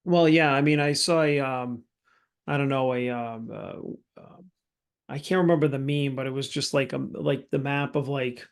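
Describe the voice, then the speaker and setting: Gravelly joking middle-aged man co-host. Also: medium pitch, steady tone, moderate pace. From United States. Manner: joking, rambling, swears casually. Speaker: podcast co-host. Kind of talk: casual podcast chat.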